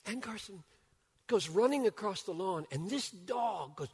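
An older man preaching a sermon as a pastor. He swings from loud, urgent bursts down to hushed near-whispers. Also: sits high, expressive, measured pace, breathy edge. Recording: long hall reverb.

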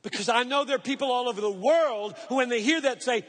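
A male preacher with a notably high voice delivers an earnest, emphatic sermon. He slows down to lean on key phrases as he explains scripture. His voice carries a long reverb from a large hall. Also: a bit bright.

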